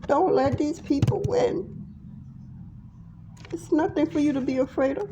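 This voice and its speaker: Middle-aged lady doing a tarot reading, high voice, cusses a lot, fired up talking to viewers. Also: a little slow, background noise. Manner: blunt, profane, impassioned pep talk. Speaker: tarot reader.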